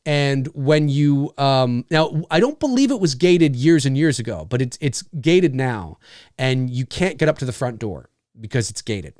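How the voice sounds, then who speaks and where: A man's voice: mid-range voice, very animated, a little slow, a little mellow, dry recording, studio quality. A man hosting a casual live stream, rambling through viewer comments with lots of fillers and frequent laughs. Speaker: live show host.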